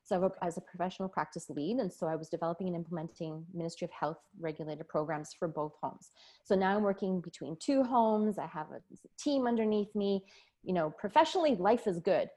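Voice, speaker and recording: Speaking with feeling and frequent laughter, a woman in her forties who works as a nurse shares her story openly during a relaxed podcast interview. Her lowish, mellow voice moves a little fast.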